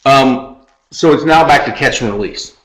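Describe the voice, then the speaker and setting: A man co-hosting a casual political podcast, sarcastic and a little halting as he picks his words. He sits at a middle pitch, and the recording carries a noticeable room echo around his voice. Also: fairly bright tone. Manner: sarcastic, halting with fillers and restarts. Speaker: podcast co-host.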